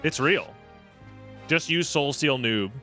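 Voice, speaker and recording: A man's voice: fairly high pitch, lively intonation, takes it slowly, pushed and bright, faint music behind. A young man streaming a video game, chatting casually with his viewers in a snarky, sarcastic way and swearing freely. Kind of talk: casual live-stream gaming chat.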